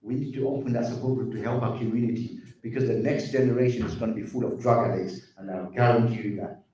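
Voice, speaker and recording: Fast and mellow, with a mid-range voice and steady tone, a man gives his community an earnest talk about drug addiction, repeating himself and addressing them as brothers and sisters. The mic is distant and the hall very echoey.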